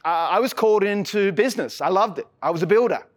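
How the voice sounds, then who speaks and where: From the pulpit, a high-pitched Australian pastor delivers an earnest sermon with lively intonation. He often stumbles, restarting the opening of a phrase before pushing forward. He slows way down to stress key lines, then rushes through the next thought.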